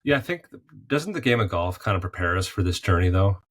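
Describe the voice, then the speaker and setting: On a podcast, a man who quit golf for art talks reflectively about life, drawing on golf and faith comparisons. He has a deep, sing-song voice and speaks a little fast.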